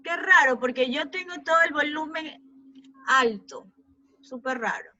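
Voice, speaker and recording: High bright-voiced teacher woman. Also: expressive, normal speed, muffled recording, a little hiss or hum. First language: Spanish. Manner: repetitive and coaxing, mimics animal sounds. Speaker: English teacher. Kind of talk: online children's class. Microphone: video call.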